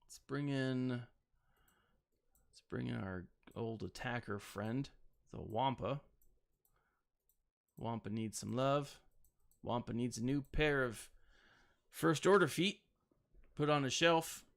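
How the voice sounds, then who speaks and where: A man's voice: mid-range voice, slow pace, gravelly, long pauses, a bit bright. A man in his thirties, a gaming channel host, giving casual, rambling gameplay commentary with self-mocking asides and playful sound effects.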